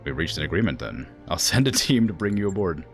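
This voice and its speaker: Brash merc officer, shaky New York twang, low and lively, read out by a man. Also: fast talker, faint music behind. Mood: confident. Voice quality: clumsy put-on New York accent.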